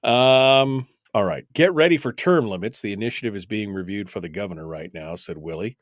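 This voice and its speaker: A man's voice: on the low side, brisk, no echo, studio quality. A man hosting a casual call-in radio talk show, rambling loosely with many fillers and chuckles. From United States.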